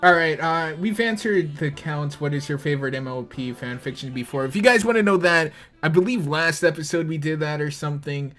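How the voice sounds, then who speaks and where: A man's voice: a little high, fairly quick, few pauses, a bit bright, soft background music. Hesitant man reading listener questions. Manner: hesitant, lots of filler. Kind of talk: casual chat.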